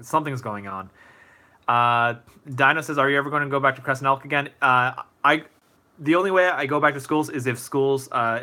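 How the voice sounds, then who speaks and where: A young man talking casually to viewers in a live Q&A, answering questions with plenty of fillers and restarts. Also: mid-range voice. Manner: relaxed, rambling, many fillers and restarts.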